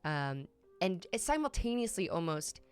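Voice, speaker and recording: A woman runs a tabletop role-playing game as its game master. She narrates slowly and deliberately, pausing on ums. Her voice sits low, with faint music underneath. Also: sing-song, clean tone. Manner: slow, measured narration with frequent ums.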